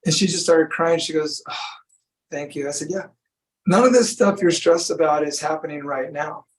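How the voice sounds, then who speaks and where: A man guest in a relaxed interview, talking about breath work in a laid-back, storytelling way. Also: a little high, normal speed, a little hiss or hum, low-quality recording. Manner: laid-back, storytelling, says "you know" often. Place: from Sacramento.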